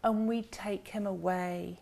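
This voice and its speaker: A woman's voice: mid-range voice, steady tone, gravelly, a little mellow. Chatty woman dog expert. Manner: chatty, acts out dogs and owners in quick voices. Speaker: dog behaviour expert guest. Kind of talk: casual studio chat. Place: TV studio.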